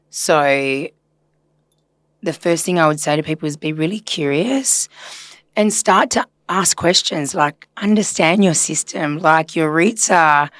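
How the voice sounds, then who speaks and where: Appearing as a guest, a systemic therapist with a low, fairly bright voice chats on a casual podcast with no echo. She's earnest and reflective, filling her talk with filler words.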